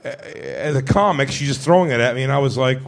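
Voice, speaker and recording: A male comedian spins a crude, brash anecdote in loose conversation. His voice sits at an everyday middle pitch, and he swears freely as the story rolls along. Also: quick pace, gravelly. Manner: profane, brash storytelling with laughs. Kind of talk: casual storytelling chat.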